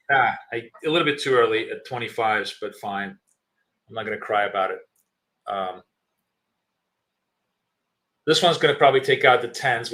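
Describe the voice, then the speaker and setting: A man's voice: mid-range voice, fairly bright tone. A man hosting a live trading stream, thinking aloud with many fillers and restarts while chewing gum.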